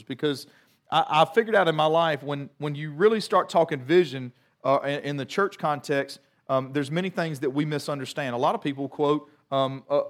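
A middle-aged male pastor giving a sermon in a lively, storytelling manner. His voice sits slightly high for a man, and he often doubles back on words as he builds a point. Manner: animated storyteller, repeats words and jumps into acted quotes.

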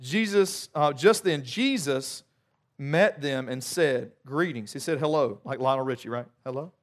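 A man's voice: medium pitch, measured pace. A male pastor, preaching a conversational sermon with joking asides and frequent restarts.

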